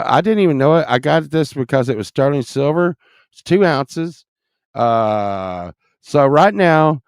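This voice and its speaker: A man chatting to his camera in a loose, rambling way, cussing casually as he hops between subjects. His voice is smooth and clear, and he talks slowly and unhurriedly. The recording is dry and close, with no room sound around him. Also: medium pitch, dry recording. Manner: rambling, profane, jumps between topics. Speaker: vlogger. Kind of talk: rambling casual vlog chat.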